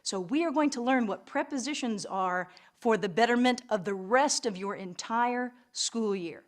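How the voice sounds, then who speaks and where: Brief: middle-aged woman, lively English teacher with a slightly high voice, playful and dramatic. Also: normal speed. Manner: enthusiastic, theatrical, with playful asides. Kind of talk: recorded classroom lesson.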